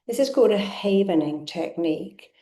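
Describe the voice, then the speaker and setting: A woman's voice: mid-range voice, expressive, moderate pace, dark tone. Coaching woman with a roomy echo. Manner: coaching, repeats affirmations with emphasis. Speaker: therapist leading a live online session. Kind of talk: guided self-help exercise instruction.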